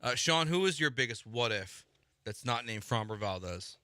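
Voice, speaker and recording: Radio co-host guy talking baseball, bright voice, dry mic, kinda musing along. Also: mid-range voice, expressive, normal speed, smooth, dry recording. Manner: conversational, musing, trailing off. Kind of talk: casual sports radio banter.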